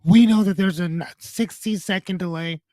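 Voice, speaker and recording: A high-pitched but dark-toned young man talks at a moderate pace, studio quality with no room sound. On his casual livestream he jokes, reads out viewer names and comments, swears freely and pauses with "hold on."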